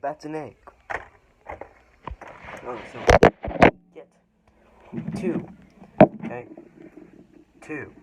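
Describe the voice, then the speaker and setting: A man's voice: mid-range voice, very slow, long pauses. A man hosting a joking home cooking vlog. He rambles, swears and makes fun of himself, a little out of breath, filming on a phone. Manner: self-mocking, swearing, rambling. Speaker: cooking vlogger. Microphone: phone held on his arm. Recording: loud background noise.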